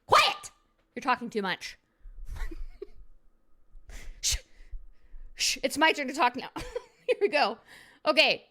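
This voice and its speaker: A goofy woman streamer reviews cards in casual, playful chat, making silly jokes as she goes. Her voice sits a little high and has a bright, crisp edge. She is close on a desk microphone. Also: big pitch swings, slow pace, long pauses. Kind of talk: casual card review commentary.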